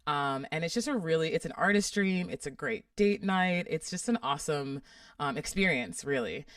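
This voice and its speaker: A woman's voice: low-pitched, animated, normal speed, dry recording, far from the mic. A woman co-hosting a podcast in casual chat, upbeat and teasing. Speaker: podcast co-host. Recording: dry, a bit off-mic.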